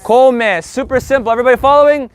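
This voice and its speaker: A man teaching a live group Spanish lesson in an energetic, joking, profane way. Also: very high voice, quick pace, smooth.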